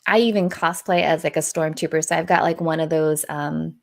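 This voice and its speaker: A woman's voice: low-pitched, fairly quick, vocal fry. Playful, laughing woman guest. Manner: animated and playful, laughs often. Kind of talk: casual live-stream chat.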